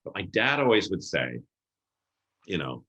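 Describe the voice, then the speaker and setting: A man's voice: low-pitched, very animated, unhurried, pushed and bright. A middle-aged man and podcast guest, telling stories casually and acting out the voices of people he quotes. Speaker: podcast guest, event planner. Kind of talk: casual storytelling interview. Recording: roomy echo.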